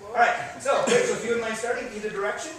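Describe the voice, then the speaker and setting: An upbeat, playful man with a very high voice is running an improv icebreaker game for a crowd. He is heard from some distance in a very echoey room, with people chattering nearby. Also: rapid-fire. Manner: upbeat, playful, bursts into loud exclamations. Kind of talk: energetic live game demonstration.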